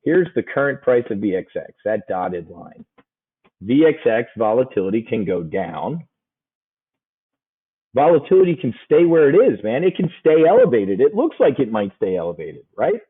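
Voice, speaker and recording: Guy teaching options trades, jokey and folksy, kinda husky, tinny phone-ish audio. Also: mid-range voice, sing-song, normal speed. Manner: folksy, joking, emphatic repetition. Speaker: options trading instructor. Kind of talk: casual trading lesson.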